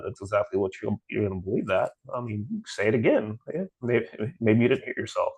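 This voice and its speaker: A man with a fairly low voice co-hosting a casual podcast chat. He tells stories and slips into the voices of the people he quotes. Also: expressive, a little fast, hardly any pauses, darkish tone, husky, poor audio. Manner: storytelling, acts out quoted dialogue. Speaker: podcast co-host.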